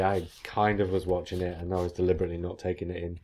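A man's voice: low-pitched, fairly even intonation, quick pace, darkish tone, slight background noise. A man hosting a casual podcast chat, reading out listener messages with his own chatty asides. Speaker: podcast host.

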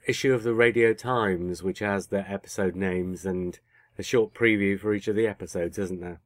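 A podcast co-host chats in a voice that sits low, steady in tone and moderate in pace, teasing and often self-correcting mid-sentence. It's a clean studio recording without echo.

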